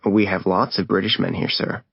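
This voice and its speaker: A man's voice: sits low, flat delivery, moderate pace, creaky, slightly rough, no echo, full character voice. A man voicing a polite, formal hotel receptionist. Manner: polite, formal, slightly dry. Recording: dull lo-fi recording.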